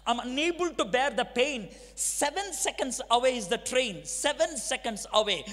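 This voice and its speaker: A male preacher from Andhra Pradesh, India, speaking Telugu-accented Indian English, gives a dramatic testimony sermon. His high, slightly bright voice is animated, at a moderate pace with hardly any pauses, as he tells stories, acts out dialogue, and asks the audience questions. The recording has the long reverb of a large, echoing hall.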